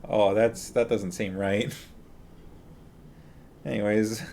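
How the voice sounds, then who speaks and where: A man's voice: lowish voice, level tone, slow, creaky, a little mellow. A man chatting casually on a live stream, greeting viewers one by one and talking playfully to his dog at home.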